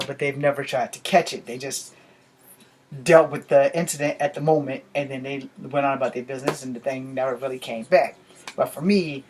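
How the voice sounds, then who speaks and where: A man vlogging, telling a rambling personal story full of swearing. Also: medium pitch. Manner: profane and rambling. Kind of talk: casual storytelling.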